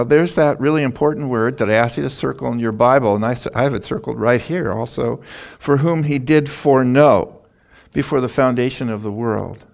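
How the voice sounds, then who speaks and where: A man's voice: mid-range voice, creaky, a little mellow. A middle-aged male pastor preaching a sermon in a folksy, emotional way, laughing through personal stories.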